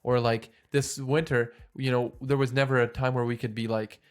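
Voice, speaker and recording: A man's voice: mid-range voice, flat delivery, normal speed. A man co-hosting a podcast in casual chat, rambling with chuckles and poking fun at himself. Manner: rambling, chuckling, self-deprecating. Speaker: podcast co-host.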